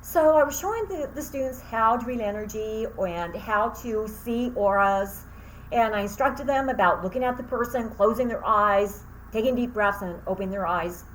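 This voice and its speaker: A woman's voice: fairly high pitch, expressive, normal speed, fairly bright tone, slight background noise, rough recording. A woman who teaches Reiki and hosts her own channel, telling a story casually to the camera with lots of fillers and thank-yous.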